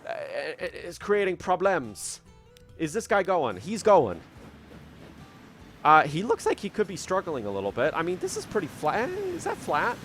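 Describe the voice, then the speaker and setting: A young man hosting a gaming channel chats about his gameplay into a desk microphone at his home computer, his high voice swooping wildly in pitch. His tone is fairly bright and his pace moderate, and he's self-mocking as he thinks aloud over soft background music.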